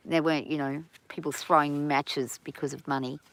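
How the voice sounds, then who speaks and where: A woman's voice: sits low, steady tone, normal speed. A middle-aged Australian woman chatting casually on a farm livestream, rambling and laughing easily, a bit stuffy from hay fever.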